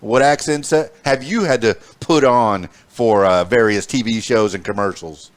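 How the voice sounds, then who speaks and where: A man from Arkansas hosting a podcast, chatting playfully with frequent "uh" restarts. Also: mid-range voice. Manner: halting, many "uh" restarts, playful. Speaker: podcast host. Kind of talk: casual interview chat.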